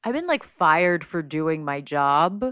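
A woman with a fairly low voice, talking in a casual podcast chat. She tells stories in an animated way, filling them with "like" and quick asides. The sound is dry and close, with no room echo. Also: clean tone. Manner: animated storyteller, heavy use of "like". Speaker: podcast guest.

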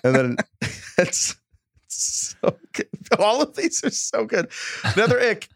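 A man with a slightly raised pitch hosts a relaxed podcast chat. He jokes around and laughs easily. His voice is close and dry, with no room sound. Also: creaky, no echo. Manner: laughs often, quick and playful. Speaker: podcast host. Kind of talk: casual chat.

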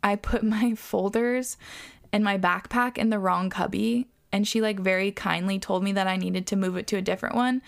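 Chatty young woman podcaster, gravelly. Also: mid-range voice, fairly even intonation, moderate pace. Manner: chatty, reflective, lots of "like". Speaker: podcast host. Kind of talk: casual solo podcast talk.

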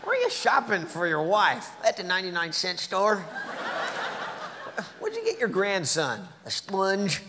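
A crotchety old grump, played by a male ventriloquist snaps out sarcastic insults in a high, swooping voice. The sound comes from a live stage with a long hall echo. Loud audience laughter rolls behind him. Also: wildly swooping pitch, unhurried, heavy background noise, full character voice. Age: older. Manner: cranky, sarcastic, blunt insults.

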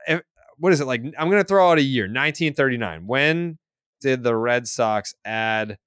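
A man's voice: medium pitch, expressive, normal speed, fairly bright tone, clean tone, no echo, clean studio sound. A young man co-hosting a sports podcast in casual, rambling, profane banter, often laughing. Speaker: podcast co-host.

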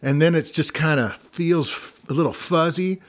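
A man from Missouri with a gravelly voice and a slight country twang in his Midwestern speech, chatting loosely and laughing often. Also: a little high, normal speed. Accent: Midwestern American with a slight country twang. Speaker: guest singer-songwriter. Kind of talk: casual conversation.

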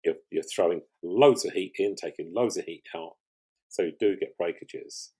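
An older man guesting on a podcast, a pottery show finalist, tells stories in a rambling, conversational way and often restarts. His voice is low, warm, and husky, at normal speed.

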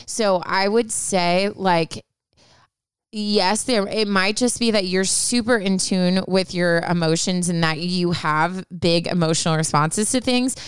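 A woman's voice: fairly low pitch, measured pace, clean tone, no echo, studio quality. A woman co-hosting a casual advice podcast, talking in a chatty, reassuring way with many fillers. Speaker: podcast co-host giving advice.

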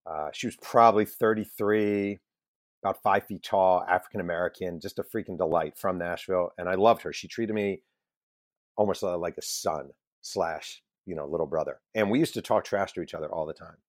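A man being interviewed as a journalist, telling self-deprecating stories in a lively, casual way with the odd swear word. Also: low voice, a little fast, no echo, clean studio sound. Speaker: guest journalist and author.

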